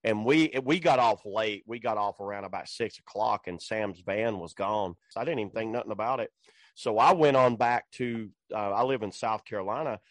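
A man's voice: lowish voice, normal speed, no room sound. A man hosting a casual chat, telling stories in a loose, colloquial way, swearing and laughing often. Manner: colloquial storyteller.

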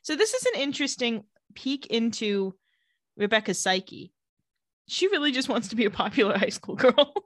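A woman's voice: on the high side, very animated, moderate pace, no room sound, studio quality. A woman co-hosting a podcast, recapping a TV episode in a wry, chatty way. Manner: chatty, wry, acts out quotes. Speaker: podcast co-host. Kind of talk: casual TV episode recap chat.

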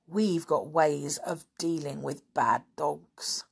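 A woman's voice: deep voice, slow pace, vocal fry, breathy edge, heavily acted. Sneering, hostile circus acrobat man played by a woman reader for a storybook. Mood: threatening.

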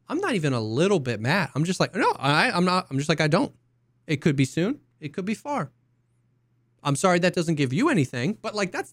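A man co-hosting a casual podcast, talking in an animated, rambling way with many restarts and mock voices. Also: a little high, no echo, clean studio sound. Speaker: podcast co-host and streamer.

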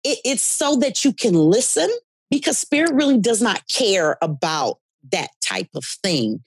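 A woman's voice: mid-range voice, sing-song, a little slow, husky, no echo. Earnest woman telling spiritual stories. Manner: earnest, explains with conviction. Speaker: podcast guest, spiritual intuitive. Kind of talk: storytelling conversation.

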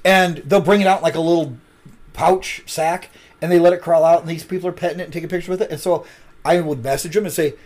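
A man from Nebraska co-hosting a podcast, telling profane rambling stories in casual chat with halting restarts. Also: on the high side, fairly even intonation, darkish tone. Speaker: podcast co-host.

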